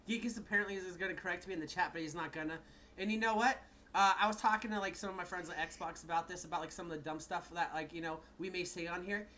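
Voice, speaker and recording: A man's voice: high-pitched, fairly even intonation, fast, sharp tone, slight background noise. A man co-hosting a podcast in casual chat, rambling and swearing, laughing often. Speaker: podcast co-host.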